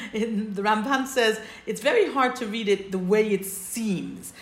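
A woman's voice: medium pitch, lively intonation, unhurried. Woman teaching a text class, roomy sound. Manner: explains step by step, checks in with "right?". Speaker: Torah teacher. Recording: roomy echo.

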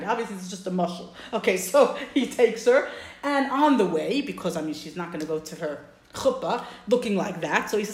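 A woman teaching a class over a video call, telling a parable in an animated, emphatic way. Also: mid-range voice, a little fast, echoey room. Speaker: religious teacher.

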